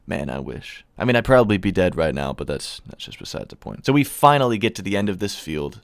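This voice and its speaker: A young man spins a long, rambling story, cursing freely and chuckling at himself. His voice sits a little low. The recording is dry and close, with no room sound. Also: big pitch swings, brisk, creaky, no room sound. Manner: rambling, profane, laughs at own story. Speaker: vlogger. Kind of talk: casual storytelling.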